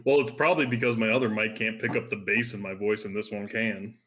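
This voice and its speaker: A man with a naturally deep, booming voice, relaxed and loud. He jokes crudely and casually, chatting with friends before a game. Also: quick pace, breathy edge. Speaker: tabletop game player. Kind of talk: casual pre-game chat.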